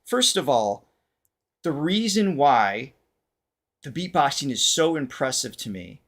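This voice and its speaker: A man hosting a reaction show as a vocal coach, explaining things in a casual, animated way and laughing often. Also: mid-range voice, measured pace.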